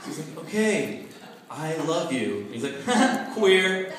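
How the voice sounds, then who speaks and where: A man doing a stand-up comedy set, deadpan with laughing asides, on a club stage. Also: a little high, takes it slowly. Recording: echoey club with crowd laughter. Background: audience laughing.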